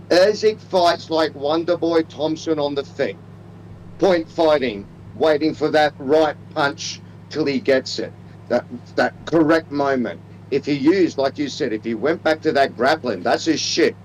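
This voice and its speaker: A man, co-hosting a casual sports podcast and breaking down fights with profane, excitable banter. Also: a little hiss or hum, rough recording. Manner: profane, excitable, rising to shouty highs. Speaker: podcast co-host.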